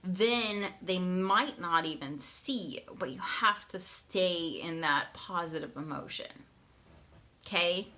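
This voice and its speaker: A woman telling her partner a personal story in a candid, animated way, swearing freely and often checking in with "right?". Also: fairly low pitch. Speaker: manifestation coach.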